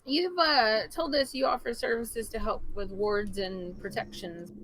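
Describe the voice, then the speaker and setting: A woman's voice: fairly high pitch, measured pace, a bit bright. A woman playing a tabletop game, making tentative, hedging requests. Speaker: player. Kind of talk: casual tabletop game play. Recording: noisy background.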